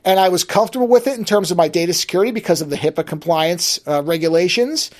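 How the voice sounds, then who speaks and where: Solo podcast host, medium pitch, chatty and reflective, restarts a lot. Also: fast talker. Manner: conversational, thinking aloud with frequent restarts. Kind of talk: solo daily podcast monologue.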